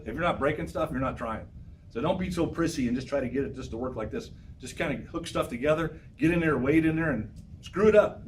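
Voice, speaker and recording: A man teaches a college class, urging his students on with lively, repetitive exhortations. He sounds distant from the microphone. Faint room noise hums behind him. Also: medium pitch. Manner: energetic, exhorting, repeats phrases. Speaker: professor. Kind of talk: classroom lecture.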